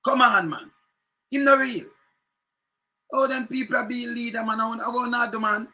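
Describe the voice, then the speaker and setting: A man's voice: extremely high pitch, fairly even intonation, moderate pace, bright, forceful tone. Fiery Jamaican man ranting about politics. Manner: fiery, repetitive, sarcastic, mixes patois. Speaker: political commentator. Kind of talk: heated political rant.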